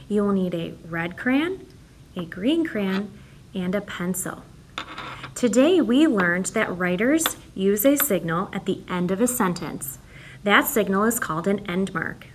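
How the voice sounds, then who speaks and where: A young woman teacher giving a recorded writing lesson to young children, speaking clearly with big, exaggerated emphasis. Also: mid-range voice, a bit bright.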